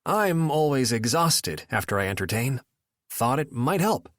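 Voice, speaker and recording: A male narrator voicing an awkward young man who speaks in terse, halting phrases. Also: mid-range voice, sing-song, a bit bright, dry recording, studio quality, pitched above the performer's own voice. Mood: gruff.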